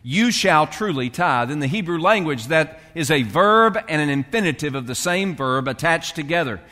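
A man's voice: a little high, animated, normal speed, sharp tone, long reverb tail. A male pastor preaching a sermon in a loose, conversational way, with fillers and restarts as he reads and explains scripture.

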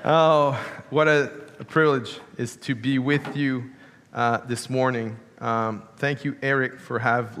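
French-accented guest pastor, bright ringing voice. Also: male voice, medium pitch. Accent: Quebec French. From Quebec, Canada. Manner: playful, rallies the congregation. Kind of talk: sermon. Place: church sanctuary. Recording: long church hall reverb.

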